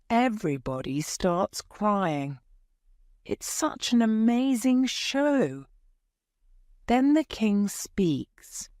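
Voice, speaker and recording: An audiobook narrator, a woman with a lowish, slightly mellow voice, reads a graded-reader story aloud in a clear, measured storytelling manner. It is scripted narration with clean studio sound and no echo.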